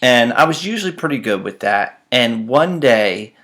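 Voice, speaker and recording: A man's voice: medium pitch, lively intonation, moderate pace, a bit bright. A man telling self-mocking personal stories in a casual, dramatic way. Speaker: storyteller.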